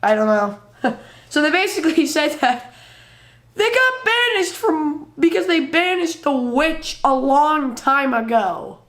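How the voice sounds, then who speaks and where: A woman's voice: high-pitched, big pitch swings, slow, fairly bright tone. A woman hosting a sarcastic reaction commentary, rambling and laughing at what she watches. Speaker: commentary host.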